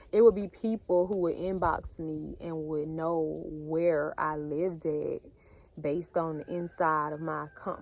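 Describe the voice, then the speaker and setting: A woman vlogger telling a heartfelt personal story straight to her viewers, speaking earnestly and warmly addressing them as a group. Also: low-pitched. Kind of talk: emotional storytime monologue. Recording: steady background noise.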